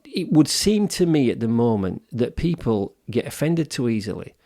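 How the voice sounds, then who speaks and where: A man's voice: mid-range voice, big pitch swings, normal speed, mellow. A man, co-hosting a wellbeing podcast, talking earnestly with lots of restarts. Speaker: podcast co-host. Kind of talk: casual podcast discussion.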